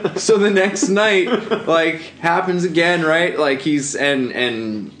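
A man's voice: on the high side, slow pace, fairly bright tone, slight background noise. A man who acts, chatting casually and telling a theater story, rambling with lots of fillers and restarts. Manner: rambling, many fillers and restarts, laughs often. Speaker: actor. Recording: roomy echo.

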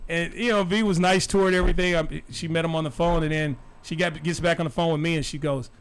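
A man's voice: a little high, steady tone, fast, clear, resonant tone. A man hosting a casual talk show, teasing his co-hosts and laughing often. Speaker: host.

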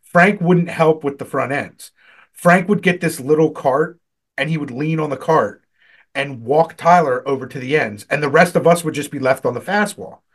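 A man with a somewhat high voice tells work stories in loose, rambling casual chat, swearing freely and laughing often. He talks like a podcast co-host going back over old times with a friend. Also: moderate pace, breathy edge.

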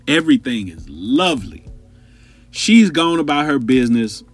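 Telling a story as a podcast host, this man speaks directly to his listeners in a husky, slightly breathy voice of medium pitch whose intonation swings widely. He's animated and profane, talking at a normal speed. Faint music sits in the background.

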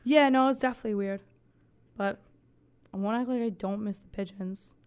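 A woman hosting a podcast in casual chat, her voice soft and fading, rambling and swearing with deadpan jokes. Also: mid-range voice, fairly quick, clean tone. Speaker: podcast host.

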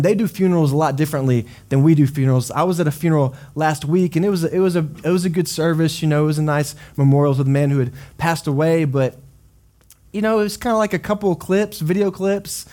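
Animated pastor preaching. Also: male voice, on the high side, quick pace. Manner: conversational, animated storytelling with dramatic quotes. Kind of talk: sermon. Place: church service.

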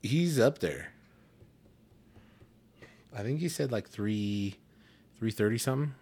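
A podcast co-host chats casually and eats as he talks, telling stories full of swearing and acting out quotes in a high voice. His own voice is expressive, slow, husky and somewhat dark.

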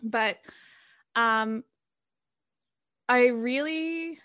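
A young woman co-hosting a podcast in casual chat, animated and laughing, acting out her own reactions. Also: fairly high pitch, drawn-out words, no room sound, studio quality. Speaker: podcast co-host.

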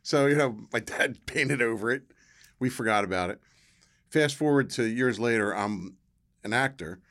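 Animated middle-aged man telling a story. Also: lowish voice. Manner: animated storyteller acting out quoted voices. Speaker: podcast guest. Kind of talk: casual storytelling.

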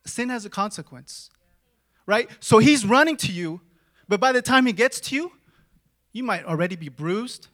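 High, bright-voiced young preacher. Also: male voice, animated, moderate pace. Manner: dramatic swings from hushed to shouting; conversational, with filler "like" and "right?". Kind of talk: sermon.

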